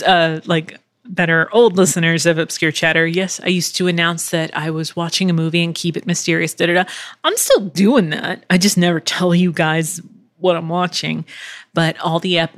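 Woman podcast host, slightly low voice, chatty and loose, heavy on "like" and "um", swears freely, dry close recording. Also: no room sound. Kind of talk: casual solo podcast chat. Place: living room at home.

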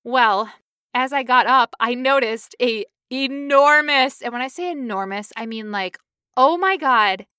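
Young woman telling a story, animated, squeaky quoted bits, bright and dry. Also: measured pace, clear, resonant tone, dry recording. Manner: animated, acts out quotes in high voices. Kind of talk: casual storytelling chat.

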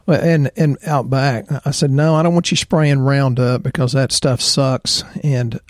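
Gravelly guy ranting about health stuff on a podcast, dry close mic, keeps riffing. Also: mid-range voice, a little slow, hardly any pauses, dry recording. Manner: opinionated, animated storyteller. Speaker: podcast co-host, chiropractor. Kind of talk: casual health chat.

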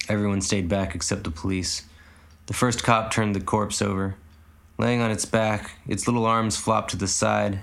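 A man narrating an audiobook story in a measured, even way. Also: lowish voice. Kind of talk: audiobook reading.

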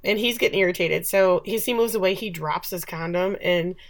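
Fairly quick and fairly low-pitched, this podcast co-host runs through a casual TV episode recap. She's chatty and opinionated, performing the characters' lines as she goes.

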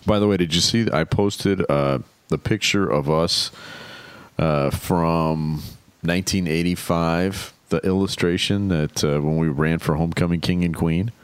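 A man's voice: low-pitched, unhurried, clear, resonant tone, no echo. A man in his fifties co-hosting a podcast, trading dry jokes in casual banter. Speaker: podcast co-host. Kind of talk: casual chat.

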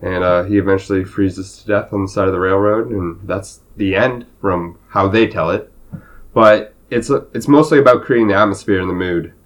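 Male podcast co-host from Canada, low voice, slightly hoarse, loose rambling delivery. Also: normal speed. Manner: rambling, restarts, swears casually. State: losing his voice. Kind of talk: casual chat.

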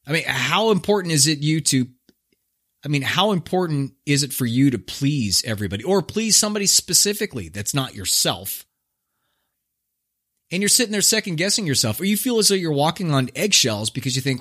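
Very animated and talking fairly quickly, a man with a slightly bright, higher voice hosts his own podcast. In a casual storytelling monologue, he retells an old fable in a relaxed, slangy, jokey way.

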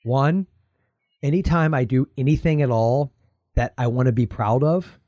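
An American man co-hosting a podcast, rambling in casual chat and slipping into quick playful impressions. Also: medium pitch, dark tone, dry recording, clean studio sound. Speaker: podcast co-host.

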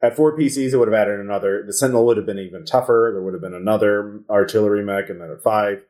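A man with a fairly low voice, running a tabletop game and chatting casually once the session is over. He rambles, restarts his sentences and fills gaps with "uh" and "like". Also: fast talker, a little mellow. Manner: rambling, lots of fillers. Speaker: game master. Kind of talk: casual post-game chat.

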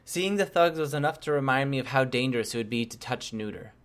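A man narrating a first-person novel chapter in a steady, measured reading voice. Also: mid-range voice. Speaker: audiobook reader.

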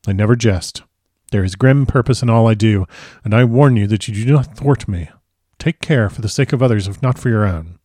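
A man voicing an old foreign professor who speaks grave, broken formal English in a measured way. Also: mid-range voice, warm tone, no echo, studio quality, close to an everyday voice. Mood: stern. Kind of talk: audiobook character reading.

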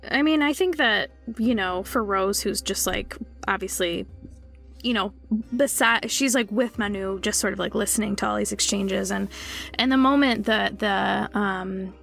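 A woman's voice: mid-range voice, normal speed, vocal fry, a bit bright, faint music behind. A woman player who describes her character's actions in a meandering, hesitant way.

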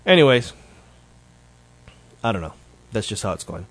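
A man's voice: lowish voice, very animated, moderate pace, a bit bright, no echo. A man hosting his show, giving a casual, rambling update that is full of self-corrections. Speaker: show host.

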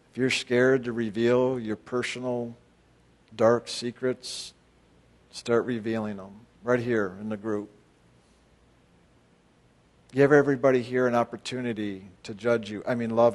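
The speaker is a man of medium pitch with a slightly mellow voice, giving a group talk at a spiritual retreat. He addresses participants bluntly, firing off rhetorical questions, with occasional sudden bursts of emphasis.

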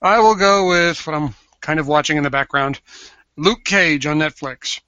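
A man co-hosting a casual podcast, with a fairly high voice and a bright, forceful edge. He teases and jabs bluntly at his co-host. The sound is dry and close. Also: clear, resonant tone, no room sound, lo-fi sound. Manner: teasing, blunt, quick jabs.

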